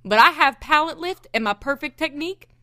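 A woman's voice: high voice, animated, a little fast, bright, forceful tone, no echo, clean studio sound, pitched above the performer's own voice. A woman voicing a proud, unhappy female voice teacher with a Southern US accent, drawling out a declaration.

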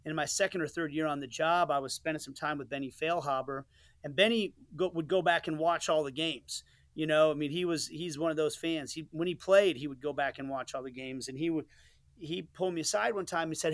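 A man's voice: fairly high pitch, steady tone, fairly quick, fairly bright tone, no room sound. A middle-aged man, a soccer commentator from the United States, telling stories in a casual interview, earnest and rambling with many restarts and asides. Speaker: soccer play-by-play commentator, guest.

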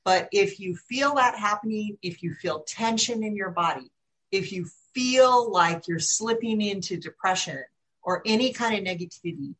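A woman hosting a spiritual conversation, stretching out her words in slow, emphatic phrases. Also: mid-range voice, fairly bright tone, poor audio. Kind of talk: spiritual talk.

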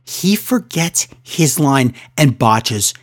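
Slow but very animated, this mid-range male voice belongs to a co-host of a wrestling podcast doing a casual recap. Sarcasm and exasperation color his talk, and he often imitates wrestlers by raising his voice.

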